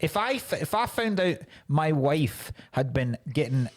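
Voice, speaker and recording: A man co-hosting a comedy podcast, delivering jokes in a deadpan, sweary way. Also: a little high, a little slow. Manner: deadpan joke-telling, sweary. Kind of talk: casual comedy chat.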